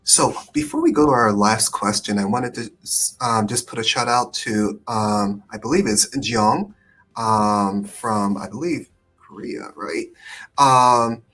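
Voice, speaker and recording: A man with a husky, low-set voice hosts a live stream as an immigration attorney. He talks in a thoughtful, hedging way and fills his pauses with ums. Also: fairly bright tone, soft background music. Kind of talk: conversational live stream chat.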